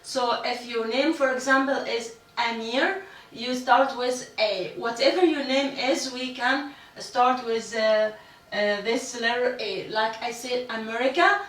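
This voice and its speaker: A woman who speaks natively, teaching an online language lesson patiently and repeating each letter slowly for learners. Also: fairly high pitch, steady tone, a bit bright, echoey room, recorded from a distance. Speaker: Arabic teacher.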